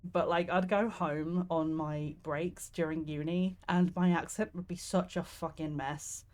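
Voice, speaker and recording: A woman's voice: on the low side, fairly even intonation, measured pace, a little mellow. A young woman from southeast England with a southeast English accent, rambling and laughing as she streams a game. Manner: chatty, rambling, laughs often, swears casually. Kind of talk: casual gameplay commentary.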